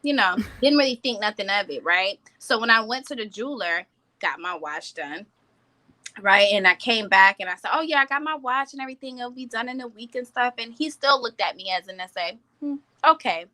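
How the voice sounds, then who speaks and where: A woman's voice: on the high side, expressive, brisk, sharp tone. A woman from New York, a guest in a casual chat, telling stories in an emphatic, confident way.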